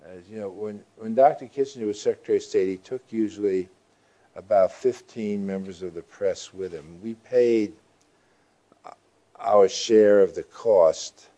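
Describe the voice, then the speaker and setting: An older man with a deep, mellow voice answers interview questions. He talks in a slow, halting way, full of pauses and restarts. He sounds like a seasoned journalist recalling his time on the job. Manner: halting, with frequent fillers and restarts.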